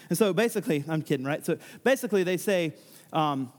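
A man's voice: on the high side, lively intonation, fairly quick, big-room sound. A man preaching a sermon that works through a scripture passage, talking conversationally with frequent restarts and joking asides. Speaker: pastor. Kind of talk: expository sermon with scripture reading.

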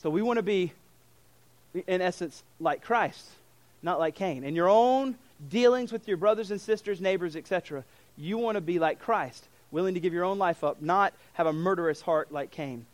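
A young adult man, a pastor, preaches a sermon animatedly in a voice that sits high, at a moderate pace with no echo. He acts out quoted voices and uses fillers and restarts.

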